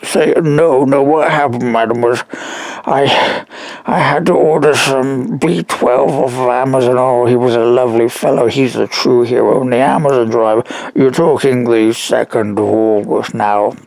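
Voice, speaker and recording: Gravelly, halting man on a call. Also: medium pitch, steady tone, darkish tone, dry recording, rough recording. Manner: rambling, halting storytelling with many restarts. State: weak and struggling to breathe. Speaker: caller. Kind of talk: recorded phone call.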